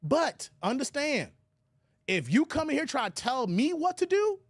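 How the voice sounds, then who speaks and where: A man from the United States, hosting a casual live stream and talking straight to his chat, with animated bursts and laughter. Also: very high voice, a little slow, dry recording, studio quality.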